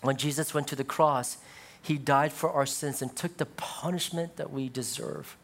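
A male pastor preaching a sermon, moving from loud, high exclamations to low, hushed passages. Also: steady tone, moderate pace.

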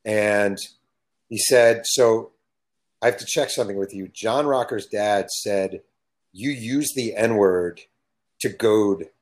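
A man's voice: lowish voice, slow. A middle-aged man from California talking bluntly and with emphasis in a casual chat, telling stories from his working life.

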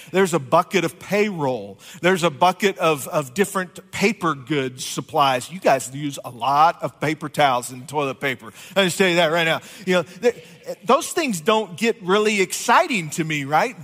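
Higher-voiced pastor preaching in a hall. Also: male voice, fairly bright tone. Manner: conversational, jokes with the congregation. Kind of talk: sermon. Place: church sanctuary.

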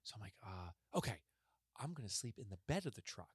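This man's voice sits on the low side, slightly rough and fairly quick. As a podcast co-host, he relates a long story in casual chat, bringing it to life by acting out what the people in it said. The studio-quality recording is dry.

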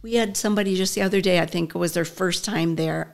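Older woman guest, chatty and laughing, slight fry in the voice. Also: fairly low pitch, fairly even intonation, fast talker, hardly any pauses. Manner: warm, chatty, laughs often. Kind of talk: casual conversation.

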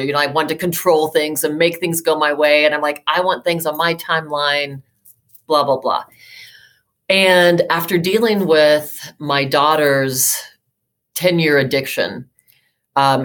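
A woman's voice: low voice, a bit bright. A woman in her fifties, a psychotherapist and life coach, telling a personal story in an interview, earnest and emotional, with many fillers and restarts. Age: 50s.

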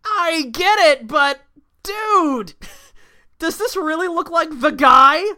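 A woman's voice: very high-pitched, slow, sharp tone. A woman co-hosting a casual podcast, reacting with sarcastic, swearing jokes. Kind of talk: casual chat.

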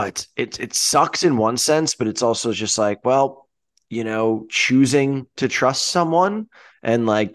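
A man co-hosting a podcast in casual chat, easygoing and quick to chime in. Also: mid-range voice. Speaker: podcast co-host.

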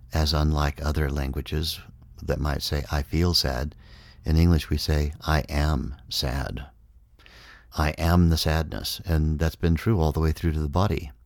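A man giving a measured, reflective spiritual talk, explaining ideas step by step. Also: very deep voice, no echo, studio quality. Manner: measured, explanatory, acts out inner voices. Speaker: speaker on consciousness.

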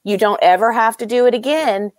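A middle-aged woman talking in a podcast chat, earnest and deliberate as she explains her views. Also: a little high, dry recording, clean studio sound. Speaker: mother and podcast guest. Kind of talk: casual chat.

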